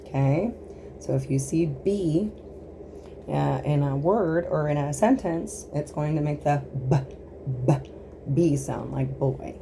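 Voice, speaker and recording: Low-pitched American woman, slow and patient, drilling letter sounds at home over an audible noise floor. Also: gravelly. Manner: sounds out letters slowly, breaks off to scold a small child. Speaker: home teacher of American pronunciation. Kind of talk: casual home phonics lesson. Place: home, with a small child nearby.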